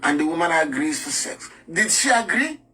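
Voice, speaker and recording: A man's voice: a little high, sing-song, normal speed, bright, forceful tone, recorded from a distance, slight background noise. Emphatic man teaching. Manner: emphatic, rhetorical questions, acts out scenes. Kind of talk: lively spoken lesson.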